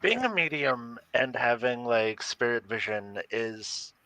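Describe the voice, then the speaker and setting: A man talks loosely in casual chat, his speech full of "like". His voice is bright and forceful, and the sound is dry. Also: medium pitch, lively intonation, takes it slowly, dry recording, poor audio. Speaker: psychic medium.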